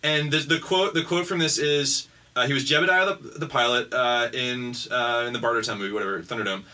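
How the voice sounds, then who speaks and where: Bright-voiced chatty man from Baltimore. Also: mid-range voice, brisk. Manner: chatty, laughs often, acts out quoted lines. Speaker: podcast guest. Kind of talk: casual chat.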